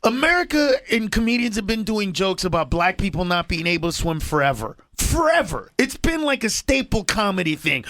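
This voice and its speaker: A male comedian, a guest on a morning radio show, talking in an excitable, animated way and laughing as he goes. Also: high-pitched, moderate pace. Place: radio studio.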